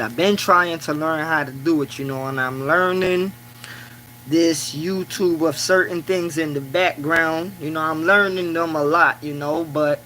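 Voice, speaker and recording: A man's voice: fairly high pitch, slight background noise, low-quality recording. A man hosting a casual live stream from his small office at work, talking in loose phrases full of "you know". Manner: talks in loose run-on phrases, many "you know" fillers; grows loud and preaching when riled. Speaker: livestreamer.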